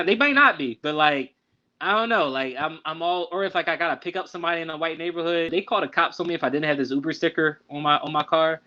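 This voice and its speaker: A man's voice: a little high, fast, sharp tone. Young man telling a story on a lo-fi podcast. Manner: loose and conversational, full of fillers. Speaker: podcast co-host. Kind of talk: casual storytelling. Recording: dull lo-fi sound.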